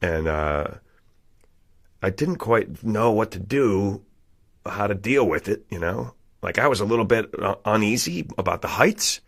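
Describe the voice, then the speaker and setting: Low-pitched man, casual profane storyteller, podcast guest. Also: expressive, a little slow, vocal fry, fairly bright tone.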